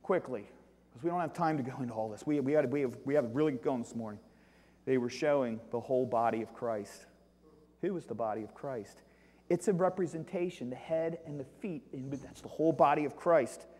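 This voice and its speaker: A man preaching a sermon as pastor, emphatic, swinging between loud exclamations and hushed asides. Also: medium pitch, brisk. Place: church sanctuary. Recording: long reverb of a church hall.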